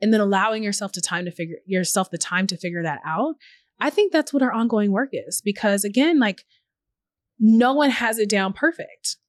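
A woman's voice: mid-range voice, lively intonation, moderate pace, no room sound. A woman guest on a podcast, talking earnestly and reflectively, acting out little quoted messages as she tells her stories. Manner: earnest, warm-hearted storyteller who acts out little quoted messages. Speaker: podcast guest, journalist and founder. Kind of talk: reflective conversational interview.

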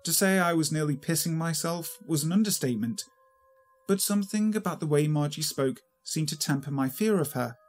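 A man reading a horror story aloud in a steady, measured way. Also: fairly high pitch, soft background music. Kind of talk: scripted horror story narration.

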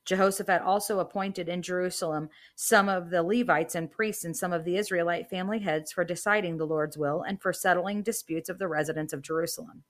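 A woman with a fairly low, steady voice hosts a Bible reading podcast, reading the text aloud and slowing down for quoted lines. Now and then she drops in brief, casual asides.

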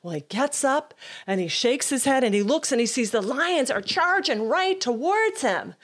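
A woman's voice: high-pitched, animated, normal speed. A woman hosting a leadership podcast, telling a joke in a chatty, upbeat way. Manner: chatty, upbeat, self-amused. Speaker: podcast host. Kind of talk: casual storytelling talk.

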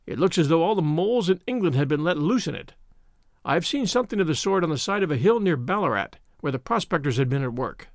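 A man voicing a gentle young lady who speaks in a soft, wondering way. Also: on the high side, expressive, fast, no room sound, clean studio sound.

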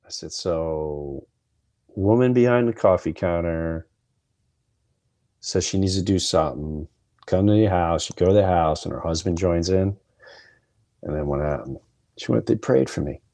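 A man's voice: low voice, a little slow, long pauses, dark tone. A man hosting a solo podcast, telling candid, emotional stories full of quoted dialogue. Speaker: podcast host. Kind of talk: solo storytelling monologue.

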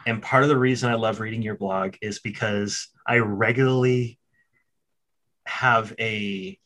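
A man's voice: medium pitch, pushed and bright. A man hosting a podcast interview, speaking candidly and self-reflectively, with frequent hesitations.

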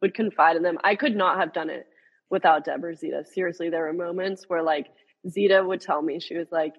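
A young woman and reality show contestant chatting casually in an interview, bubbly and quick to giggle. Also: fairly low pitch, dull audio. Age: young adult.

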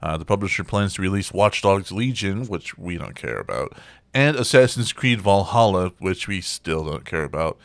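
A man hosting a podcast in casual chat, swearing and ranting with animated energy. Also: low-pitched, moderate pace, no room sound. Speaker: podcast host.

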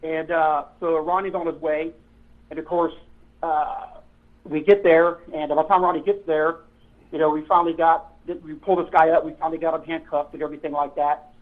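Man, high voice, tinny phone sound, rambling storyteller, casual chat. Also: flat delivery, brisk. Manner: rambling, self-correcting, laughs while telling stories. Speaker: podcast host, former police officer.

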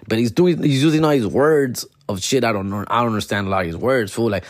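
A man's voice: mid-range voice, fairly quick, few pauses, no echo. Guy in his 40s telling a story, cussing a lot, tossing in spanish, dry close sound. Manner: slangy, profane, mixes in Spanish, animated impressions. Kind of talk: casual storytelling chat.

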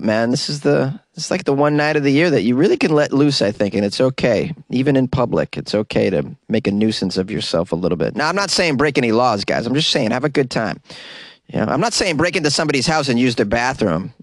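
Man hosting a comedy podcast, dry close sound. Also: no echo. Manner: jokey, animated, voice often jumps high for punchlines. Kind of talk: casual improvised monologue. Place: small closet studio.

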